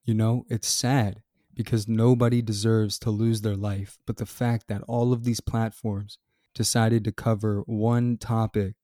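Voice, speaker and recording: A man hosting a solo podcast, reading news details and then giving his earnest, measured opinion. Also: fairly low pitch, level tone, mellow, no echo, studio quality. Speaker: podcast host. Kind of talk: scripted solo commentary.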